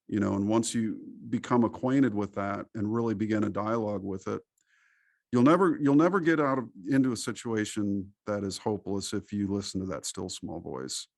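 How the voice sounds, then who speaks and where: A middle-aged man from the United States, a podcast interview guest, talking in an animated, preachy storytelling way. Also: fairly low pitch, normal speed, vocal fry, no echo, studio quality.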